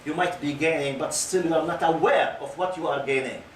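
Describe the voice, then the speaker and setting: High-voiced man lecturing in an echoey hall. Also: a little fast, a little hiss or hum. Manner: questions the audience and waits for answers; loose, repetitive phrasing with fillers like "okay?". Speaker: Islamic lecturer. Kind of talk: lecture to a youth audience. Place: lecture hall with a live audience. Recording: echoey room picked up from a distance.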